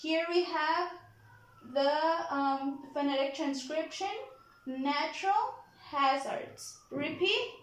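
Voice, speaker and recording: A woman teaching a vocabulary lesson in a classroom. She models each word slowly and keeps checking in with "okay?". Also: high voice. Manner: slow, deliberate modeling of pronunciation, frequent "okay?" checks. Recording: very echoey classroom.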